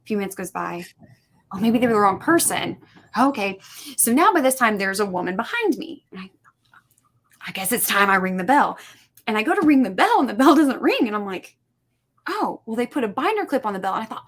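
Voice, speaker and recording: A woman's voice: a little high, brisk. A woman guest on a podcast telling stories in casual conversation, acting out quoted dialogue with lots of "like" fillers. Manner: animated, acts out quoted dialogue, many "like" fillers. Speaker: podcast guest, suicide prevention instructor.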